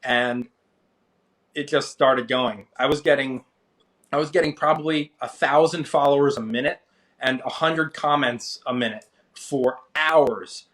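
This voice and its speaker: Guest: thirties man, casual storyteller, lively when quoting others. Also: a little slow. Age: 30s. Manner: animated, acts out quoted people with rising pitch. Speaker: interview guest, finance creator.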